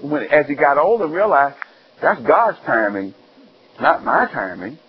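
A man preaching a sermon, telling stories with animated ups and downs in his delivery. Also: moderate pace, muffled recording, slight background noise. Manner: animated storytelling, rising high and loud when excited.

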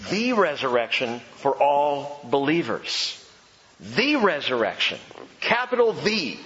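A man preaching a sermon, emphatic and animated, asking rhetorical questions. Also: mid-range voice, big-room sound, highs cut off. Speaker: pastor.

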